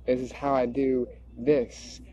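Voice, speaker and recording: A man's voice: medium pitch, level tone, slow pace, mellow. Rambling man musing aloud, lo-fi. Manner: stream-of-consciousness musing, drifting and repeating words. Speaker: video creator. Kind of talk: rambling improvised monologue. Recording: dull lo-fi recording.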